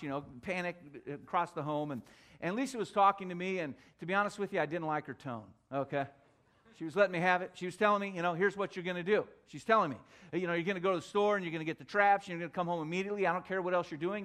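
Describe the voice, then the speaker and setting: A man's voice: sits high, fairly bright tone. A middle-aged man preaching a sermon as pastor, telling stories and building to emphatic, repeated points. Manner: storytelling preacher, rising emphatic repetitions.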